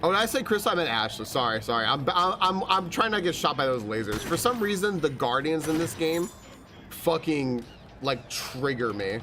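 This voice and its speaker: A man's voice: on the high side, big pitch swings, normal speed, noisy background. A man streaming a video game from home, chatting casually and telling stories, rambling, swearing freely and laughing often. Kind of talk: casual gameplay chat with storytelling.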